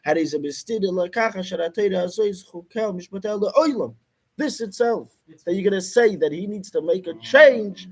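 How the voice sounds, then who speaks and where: A man leading a lively study class, his voice husky and a little higher than most. He argues insistently, pressing his points again and again against interruptions. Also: brisk. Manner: insistent, argumentative, mixes Yiddish and Hebrew terms. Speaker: Torah class teacher. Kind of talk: heated study-class debate.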